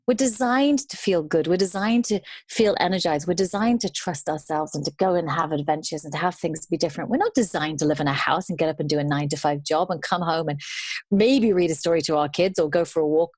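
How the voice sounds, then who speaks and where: A woman tells her travel stories as a guest, her voice pitched a little low. She brings the tale to life by acting out the people she met. The recording is dry and close. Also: a little fast, dry recording. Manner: animated storyteller, acts out quoted voices. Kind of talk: storytelling interview.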